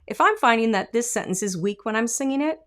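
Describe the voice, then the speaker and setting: A woman's voice: fairly high pitch, fast talker. A middle-aged woman vocal coach teaching a singing lesson, with emphatic explanations and short sung demonstrations. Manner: lively, emphatic teaching with sung and spoken examples.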